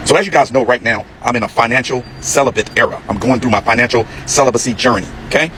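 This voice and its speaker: A man telling a jokey anecdote about a friend's dating story in an animated way. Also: medium pitch, fast talker, faint music behind, rough recording. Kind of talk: comic anecdote.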